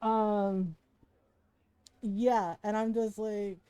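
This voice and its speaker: A woman's voice: medium pitch, very slow, clear, resonant tone, soft background music. A woman game streamer chatting casually, telling stories with lots of laughter and swearing. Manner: animated storytelling, swears freely, laughs often.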